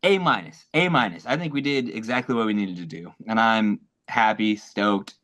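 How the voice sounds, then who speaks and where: A man co-hosting a casual sports podcast, excitable and profane, laughing often. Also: fairly low pitch. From American South. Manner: excitable, swearing, quick to laugh. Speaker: podcast co-host.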